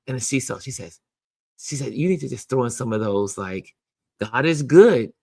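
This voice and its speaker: Male community host, casual storyteller, dry close sound, slightly husky voice. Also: medium pitch, fairly quick, no room sound. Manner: animated storyteller, acting out both sides of a conversation; chatty, with many restarts and repeated "I said". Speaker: game night host.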